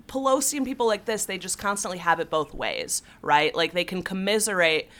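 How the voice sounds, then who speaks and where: A woman on a political talk panel with a fairly low voice for a woman. She speaks in a lively, conversational way and drops sarcastic little asides. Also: fairly quick. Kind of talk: political talk show discussion.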